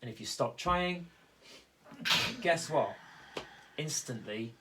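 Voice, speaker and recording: A man speaking earnestly in a reflective conversation, halting and restarting as he explains how he copes with loss. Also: on the high side, lively intonation, fairly bright tone. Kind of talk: reflective conversation about grief.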